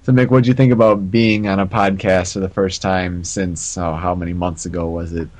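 A man's voice: sits low, little pitch movement, normal speed, a little mellow. A man hosting a podcast casually, chuckling often as he steers the talk. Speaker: podcast host. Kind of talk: casual chat.

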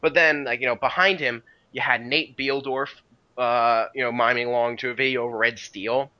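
A man's voice: mid-range voice, fairly even intonation, normal speed, muffled recording. A man co-hosting a casual podcast about video game history, rambling with many restarts and "you know" fillers. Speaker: podcast co-host.

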